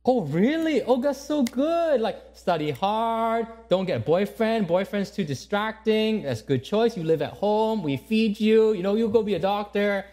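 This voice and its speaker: A man putting on a pushy, high-pitched immigrant mom. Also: lively intonation, moderate pace, hardly any pauses, warm tone. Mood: doting. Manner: clipped broken English, pushy. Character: fussing immigrant mother, middle-aged woman, pushy.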